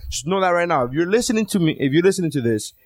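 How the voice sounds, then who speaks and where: His voice sits high and the words come rapid-fire as this podcast co-host spins a profane, lively story in casual conversation, voicing each quoted character himself. No echo is present.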